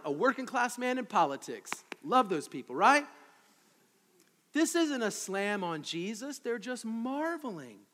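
A man preaching an expository sermon as pastor, conversational and animated, with frequent asides to the congregation. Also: sits high, long reverb tail.

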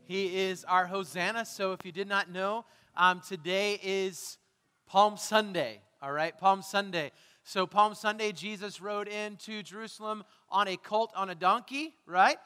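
A man's voice: sits high, fairly even intonation, unhurried, pushed and bright, clean tone, long reverb tail. A man preaching a sermon as pastor, talking conversationally, asking the congregation questions and making self-deprecating asides. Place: church sanctuary.

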